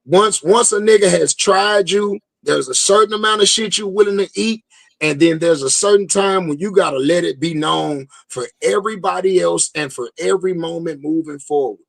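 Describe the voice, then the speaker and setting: A man hosting casual banter, speaking in a drawn-out, emphatic, profane way. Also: high voice, gravelly, no room sound. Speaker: podcast host.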